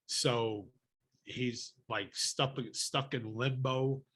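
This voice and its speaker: A man's voice: medium pitch, steady tone, very slow, a bit bright. A man hosting a podcast in casual chat, swearing freely and ranting heatedly. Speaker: podcast host.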